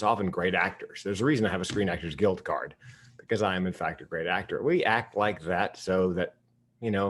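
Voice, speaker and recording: An older man giving a humorous keynote speech, telling stories candidly with self-deprecating humor. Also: deep voice. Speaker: keynote speaker.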